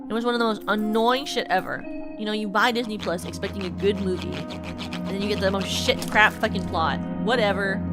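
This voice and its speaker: A young woman streaming a game, ranting casually and swearing a lot. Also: medium pitch. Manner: profane, ranting, exasperated. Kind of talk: casual gameplay rant. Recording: game music behind.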